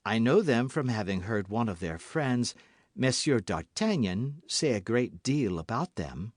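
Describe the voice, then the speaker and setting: A man voicing a scheming noblewoman who speaks in a smooth, guarded, falsely warm way. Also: mid-range voice, big pitch swings, unhurried, dry recording, clean studio sound. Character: scheming noblewoman, cold, cunning, falsely sweet.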